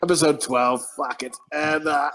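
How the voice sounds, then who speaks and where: A man's voice: a little high, fairly even intonation, moderate pace, crowd noise, rough recording. A man hosting a casual podcast chat, rambling and mumbling his words, swearing freely. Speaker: podcast host.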